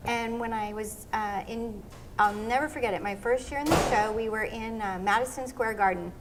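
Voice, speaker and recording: Middle-aged woman guest, higher pitch, animated storyteller. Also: normal speed, noisy background. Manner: animated storyteller, acts out quotes. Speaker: interview guest, former pro skater. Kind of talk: casual storytelling interview.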